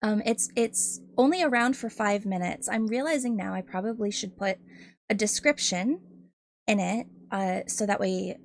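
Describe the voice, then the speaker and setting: A woman's voice: mid-range voice, normal speed, vocal fry, no room sound, clean studio sound. A woman streamer chatting casually with her viewers, giggling often and hesitating with lots of ums. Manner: giggly, laughs often between phrases; hesitant, many ums and restarts, admits nervousness.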